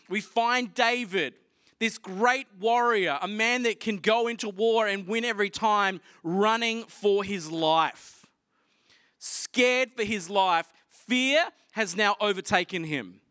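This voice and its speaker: High, bright-voiced preacher telling a story. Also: male voice, dry recording, clean studio sound. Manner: animated, casual storytelling. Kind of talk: sermon.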